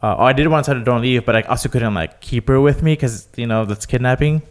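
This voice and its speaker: A man's voice: mid-range voice, fast. A man co-hosting a podcast, retelling an experience in hesitant casual chat. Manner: hesitant, filler-heavy retelling. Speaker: podcast co-host.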